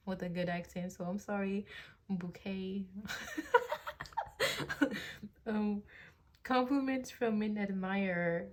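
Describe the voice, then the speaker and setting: A woman in her twenties giving a casual tarot reading into a phone, rambling and full of fillers like "like" and "you know", now and then slipping into gushing quoted voices. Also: mid-range voice. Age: 20s. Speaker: tarot reader.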